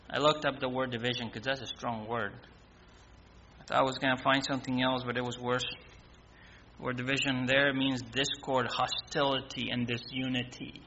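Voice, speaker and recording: A man's voice: medium pitch, fairly even intonation, normal speed, pushed and bright, highs cut off. A man preaching a sermon, emphatic, repeating key words and firing off rhetorical questions.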